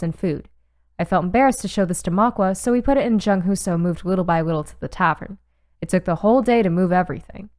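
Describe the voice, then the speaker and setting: A young woman reading a visual novel aloud and reacting with sudden excited squeals and swearing. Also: medium pitch. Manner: reads story text aloud, breaks into excited squeals and swearing. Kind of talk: casual playthrough narration with reactions.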